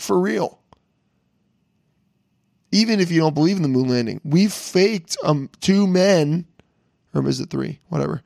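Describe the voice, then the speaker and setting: A young man hosting a casual podcast, hoarse from a lost voice, rambling and joking with plenty of swearing. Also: a little high, darkish tone, dry recording, clean studio sound. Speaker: podcast host. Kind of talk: casual solo podcast intro.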